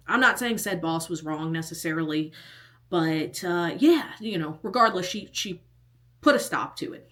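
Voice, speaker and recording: A young woman with a slightly low voice tells a personal storytime on her vlog. She talks casually and animatedly, laughing often as she recounts what happened. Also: lively intonation, normal speed, a bit bright. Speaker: vlogger.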